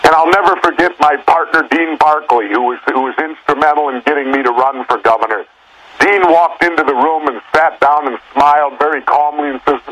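A man's voice: a little high, brisk, a bit bright, low-quality recording. Plain-spoken man on talk radio. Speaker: guest, former governor. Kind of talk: political talk show conversation.

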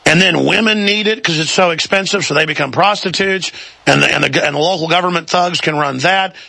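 A man hosting a political talk show, talking forcefully and quickly, with stumbling restarts. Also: a little high, vocal fry, no echo. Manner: fast, forceful, repetitive restarts.

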